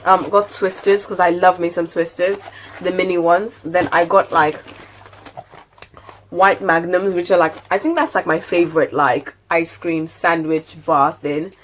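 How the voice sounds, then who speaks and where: Chatty woman, low voice. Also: steady tone, unhurried, slight background noise. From United Kingdom. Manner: chatty, rambling, lots of fillers. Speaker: lifestyle vlogger. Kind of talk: casual grocery haul chat. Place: at home.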